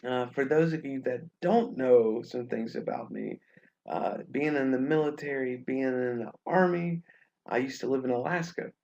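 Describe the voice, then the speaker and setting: A man's voice: medium pitch, very animated, moderate pace, vocal fry, a little mellow, highs cut off. A young man from Alabama, an English teacher telling stories in a casual online class, chatty and full of fillers. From Alabama, USA. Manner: friendly, chatty, many fillers. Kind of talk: casual webinar storytelling.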